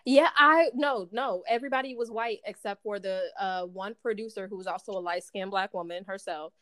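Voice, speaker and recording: An actress guest shares a personal story in casual conversation, animated and constantly restarting, acting out the voices of the people she quotes. Her voice is mid-range and a little fast, and the recording is dry.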